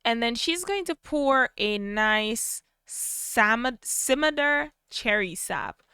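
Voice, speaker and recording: A woman's voice: on the high side, expressive, slow, sharp tone, clear, resonant tone, no echo, clean studio sound. A woman in casual gameplay commentary, chatty and sassy, acting out the characters' voices. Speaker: gameplay narrator.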